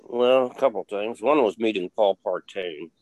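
A man's voice: on the low side, normal speed, darkish tone, poor audio. An older man, an interview guest, telling rambling stories with lots of fillers and blunt swearing. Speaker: interview guest, former film crew member. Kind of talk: casual interview storytelling.

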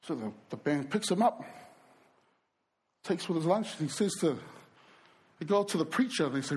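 A male preacher telling stories during a sermon, animated and speaking straight to the crowd. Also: a little high, normal speed, long pauses, slightly rough. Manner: animated storyteller who acts out quoted voices and addresses the crowd. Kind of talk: storytelling sermon.

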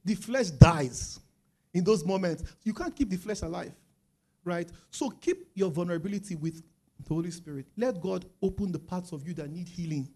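A Nigerian man preaching a sermon in a lively way, acting out quoted voices and rising to loud, emphatic stretches. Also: sits high, fairly quick.

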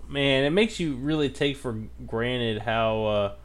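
A man's voice: mid-range voice, measured pace, clear, resonant tone. Rambling, jokey male co-host. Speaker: podcast co-host. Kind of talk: casual chat.

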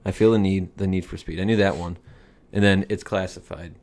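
A man's voice: deep voice, fairly even intonation, brisk, a little mellow. A young man co-hosting a podcast, telling rambling stories and laughing at his own jokes. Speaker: podcast co-host. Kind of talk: casual chat.

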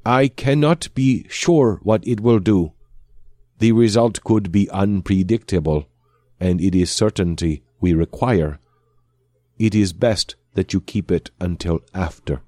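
A man voicing a calm, formal male alien who speaks in measured, stately phrases. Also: deep voice, no room sound, studio quality.

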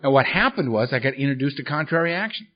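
A man's voice: medium pitch, animated, fast talker. Blunt, humorous man on lo-fi tape. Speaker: workshop speaker at a recovery meeting. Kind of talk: personal storytelling talk. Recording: dull lo-fi recording.

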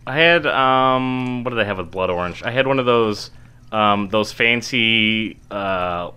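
Bright-voiced rambling male podcast host. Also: on the low side, a little slow, smooth. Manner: rambling, jokey, searching for words. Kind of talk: casual podcast chat.

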